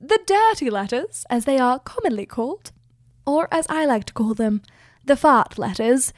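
A woman's voice: sits high, animated, normal speed, no room sound, studio quality. A woman hosting irreverent literary commentary, speaking crudely and laughing often as she talks. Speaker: host.

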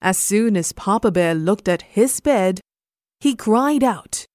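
Slow, expressive woman reading a bedtime story. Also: mid-range voice, dry recording, studio quality. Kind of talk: scripted bedtime story narration.

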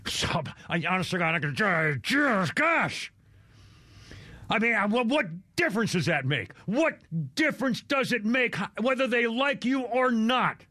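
A talk radio host with a high, bright, forceful voice rants in anger, his pitch swinging widely though his pace stays unhurried. He swears mildly and often trails off and starts over. There is no room sound.

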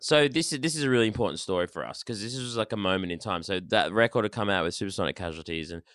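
A man in his thirties tells band stories in a casual, animated rush. He swears freely and often restarts his sentences. The mic sound is dry and close. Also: lowish voice, rapid-fire, no room sound. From Australia. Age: 30s. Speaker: band member, guest. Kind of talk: casual storytelling.

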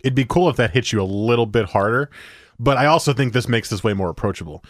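A man's voice: mid-range voice, quick pace, no echo, studio quality. A man co-hosting a casual beer tasting chat, talking at length through tasting notes. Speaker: co-host presenting a beer of the week.

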